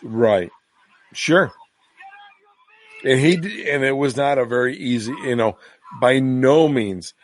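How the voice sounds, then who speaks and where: A man's voice: mid-range voice, expressive, slow, long pauses, dry recording. Dry-sounding male podcast co-host. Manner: agreeable, chatty, frequent affirmations. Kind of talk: casual film commentary chat.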